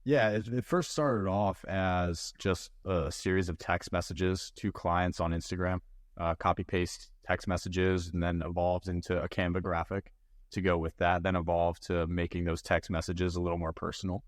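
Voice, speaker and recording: A man speaks as a guest in an interview, explaining plainly and matter-of-factly. His voice is low and flat, and the sound is dry and close. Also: moderate pace, no room sound. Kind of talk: casual interview.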